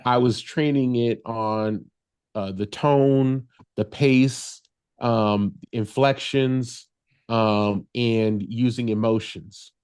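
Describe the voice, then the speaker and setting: A man's voice: medium pitch, steady tone, very slow, a little mellow, clean tone, no room sound, clean studio sound. A man who is a tech consultant guest on a podcast, explaining things step by step in casual chat and laughing easily.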